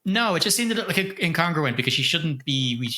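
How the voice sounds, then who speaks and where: A middle-aged man co-hosting a podcast, retelling a horror film's plot in an animated, casual way with plenty of swearing. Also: on the high side, fast. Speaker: podcast co-host. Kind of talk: casual film review chat.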